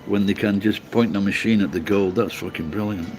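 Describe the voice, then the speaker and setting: A man's voice: on the low side, steady tone, a little fast, a little mellow, slight background noise. A man with a Yorkshire accent chatting casually on a livestream, blunt and sweary, laughing as he answers viewers. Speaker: livestreamer reading chat. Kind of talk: casual live chat.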